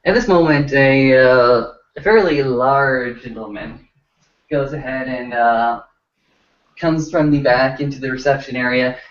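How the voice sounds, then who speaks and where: A man narrates a tabletop game as game master, pitched right in the middle for a man. He talks loosely and stops for lots of fillers. The recording sounds dull and lo-fi. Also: distant mic. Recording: dull lo-fi audio.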